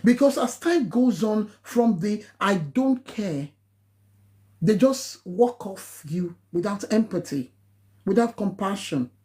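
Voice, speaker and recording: A woman's voice: animated, measured pace, mellow. Emphatic Nigerian woman lecturing. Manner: emphatic, preachy, rising to high exclamations. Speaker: nurse giving a live talk. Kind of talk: impassioned live-stream talk.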